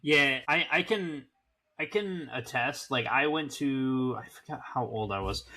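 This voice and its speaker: A man in his twenties co-hosting a podcast, chatting in a relaxed way with joking asides. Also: mid-range voice, a little slow. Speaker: podcast co-host. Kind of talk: casual chat.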